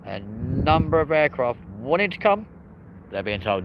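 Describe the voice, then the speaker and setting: A man's voice: medium pitch, big pitch swings, measured pace, background noise. A man hosting a live aviation stream outdoors by a runway, chatting casually with viewers and reading their comments. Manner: chatty, reads chat aloud, addresses viewers as mate and folks. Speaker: aviation livestream host.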